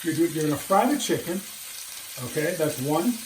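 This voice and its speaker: A man's voice: fairly high pitch, expressive, moderate pace, a little mellow, low-quality recording. An older man hosting a home cooking show, chatting enthusiastically to viewers as he demonstrates a recipe. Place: home kitchen, frying food. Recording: sizzling frying noise behind. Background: sizzling pan and kitchen sounds.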